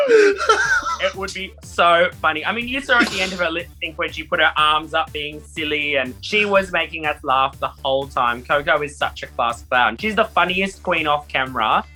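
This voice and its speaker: Man, Australian accent, young adult, bright tone, cheeky, faint background music. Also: a little high, fairly quick, few pauses. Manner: animated, joking, swears freely. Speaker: drag performer guest. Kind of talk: casual interview.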